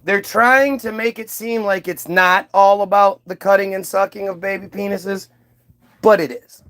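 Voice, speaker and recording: A man with a notably high-pitched voice talks through a loose, casual monologue. He rambles, swears freely and takes a mocking tone, circling back with asides and restarts. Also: steady tone, moderate pace, fairly bright tone. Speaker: commentator.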